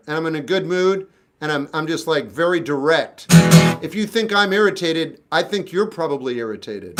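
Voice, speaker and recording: A man in his fifties reading live chat questions aloud and answering them with blunt, deadpan one-word replies. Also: on the high side, normal speed, over loud music. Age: 50s. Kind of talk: casual live-stream chat.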